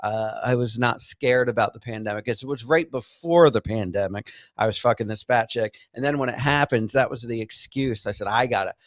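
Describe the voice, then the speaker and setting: A middle-aged man co-hosting a podcast, telling a crude story in a halting way, full of fillers and restarts. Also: mid-range voice, no echo, clean studio sound. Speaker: podcast co-host. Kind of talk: crude casual chat.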